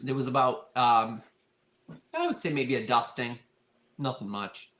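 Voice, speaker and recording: A man's voice: mid-range voice, unhurried, fairly bright tone. A man hosting a live online vintage sale, chatting casually and thanking his viewers often. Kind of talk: casual live-stream chat.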